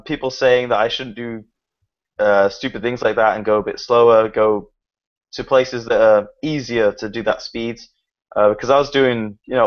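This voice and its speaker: A man telling a story in a relaxed, casual chat, with some fillers. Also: mid-range voice, highs cut off. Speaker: motovlogger guest.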